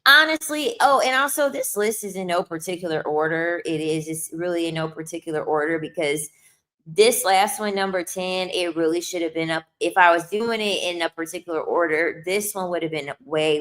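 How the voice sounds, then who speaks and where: A woman's voice: lowish voice, moderate pace, a bit bright. A young adult woman talking straight to camera in a casual monologue, blunt and emphatic, repeating lines for effect with sassy asides. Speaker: video creator.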